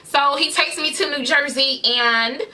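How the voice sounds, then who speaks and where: A woman telling a casual, animated, slangy story to her camera. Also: sits high, unhurried. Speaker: vlogger.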